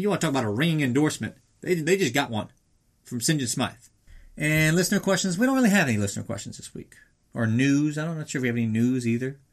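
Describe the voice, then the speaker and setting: Young guy rambling thru a crude movie recap on his podcast, kinda offhand and jokey. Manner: rambling and crude, acts out characters in high voices. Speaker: podcast host.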